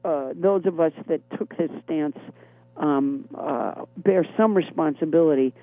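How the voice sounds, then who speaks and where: A middle-aged woman comedian with a deep, gravelly voice and a chronic cough, chatting in a wry, rambling, self-deprecating way as an interview guest. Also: a little slow, no room sound. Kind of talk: phone interview chat. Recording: tinny phone line.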